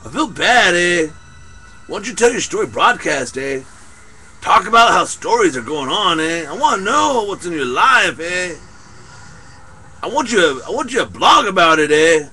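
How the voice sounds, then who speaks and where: A man's voice: high voice, sing-song, normal speed, bright, forceful tone, breathy edge, exaggerated voice. A young man playing a tough but sentimental male ex-convict, ending lines with a drawled "eh?". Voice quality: drawls tag "eh?" after lines. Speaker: comedy performer. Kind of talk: improvised comedy skit.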